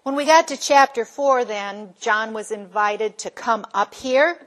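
Female Bible teacher, somewhat high voice; lively storyteller who quizzes her class and answers the questions herself.

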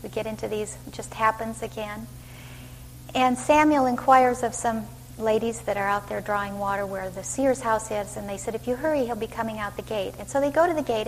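A woman teaching a Bible study, lively and putting questions to her listeners. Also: a little high. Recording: reverberant hall with faint hum.

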